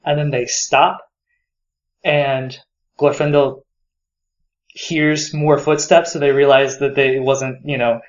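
A man's voice: medium pitch, steady tone, takes it slowly, long pauses, highs cut off. A man co-hosting a podcast, talking enthusiastically about a book and rambling with many fillers. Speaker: podcast co-host. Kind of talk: casual book discussion.

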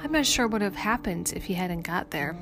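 This is a soft-spoken, reassuring woman doctor at a hospital bedside, as a woman reading a story puts her on. She has a lowish, gentle, caring tone. Music plays clearly beneath the storybook narration. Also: lively intonation, a little fast. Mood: gently reassuring. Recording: music playing underneath.

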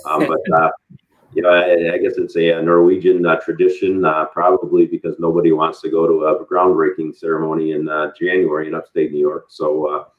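A man's voice: rumbling low, flat delivery, fairly quick. A company leader answering an interview question, a man rambling with many hesitations. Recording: tinny phone-like audio.

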